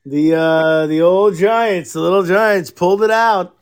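High-pitched guy cursing his way through a rant, podcast host, loud and animated. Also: a little slow, clear, resonant tone. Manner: profane, animated storytelling, mimics others loudly. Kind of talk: casual podcast chat.

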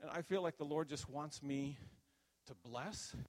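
A man's voice: a little slow, big-room sound. Older man telling a dream in a sermon. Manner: conversational storytelling, animated at high points. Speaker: minister. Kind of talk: sermon testimony.

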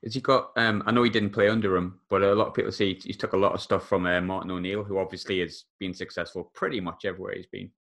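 A man with a lowish voice hosts the chat. He talks quickly as he asks his guest chatty, casual questions. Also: level tone, fairly bright tone. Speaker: interviewer.

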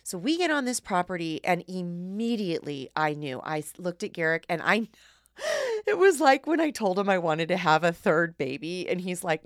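A woman in her thirties telling an animated, emotional story to her listeners in a casual way. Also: mid-range voice, dry recording, studio quality.

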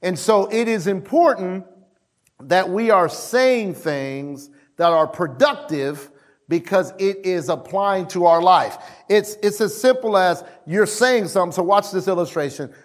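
A male pastor preaching a sermon in an emphatic way. He repeats key lines and calls out to the congregation for responses. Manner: animated, swings between loud calls and low asides.

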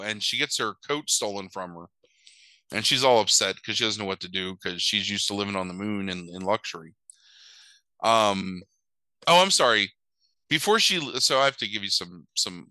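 Guy recapping a movie all rambly, lots of likes and ums, super bright dry voice. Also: fairly low pitch, no room sound, poor audio. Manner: rambling, filler-heavy retelling with exaggerated quoted voices. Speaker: podcast co-host recapping a movie. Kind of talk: casual chat.

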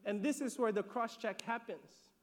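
Filipino guy preaching, high voice, lively, keeps repeating himself and asking okay?. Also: normal speed. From Philippines. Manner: animated, repeats words, acts out voices of disciples; laughs between points, asks "okay?". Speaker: pastor. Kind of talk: sermon.

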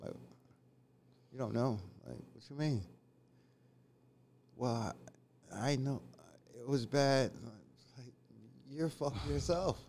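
A man who is a guest on a podcast, speaking in a halting, colloquial way with many restarts. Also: mid-range voice, gravelly, darkish tone, a little hiss or hum. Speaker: podcast guest, predator catcher. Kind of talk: casual podcast conversation.

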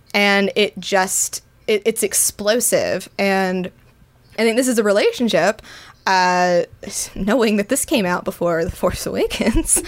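Chatty woman podcast host. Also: mid-range voice. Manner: fast, animated, lots of fillers. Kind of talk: casual book-club chat.

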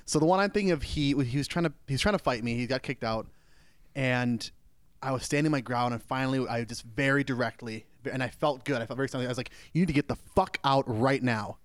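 A man's voice: medium pitch, quick pace, dry recording. A man co-hosting a podcast in casual chat, telling stories with self-mocking humour. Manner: relaxed, self-mocking, laughs along. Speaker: podcast co-host.

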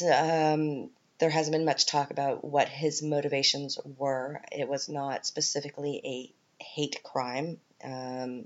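A woman with a Canadian accent hosting her podcast, talking casually and rambling with plenty of ums and asides. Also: a bass voice. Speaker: podcast host. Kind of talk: casual solo podcast talk. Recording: dull lo-fi podcast recording.

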